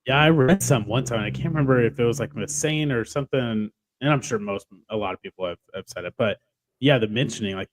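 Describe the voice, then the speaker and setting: Laid-back guy on a video call, lowish voice, dry close sound. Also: no echo, rough recording. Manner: easygoing, frequent short agreements and laughs. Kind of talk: casual conversation over a video call.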